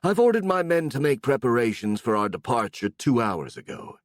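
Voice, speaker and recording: Brief: storybook nobleman, polite and apologetic, read by a man, lively intonation. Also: mid-range voice, moderate pace, no echo, studio quality, close to an everyday voice. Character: diplomatic nobleman, polite and brisk.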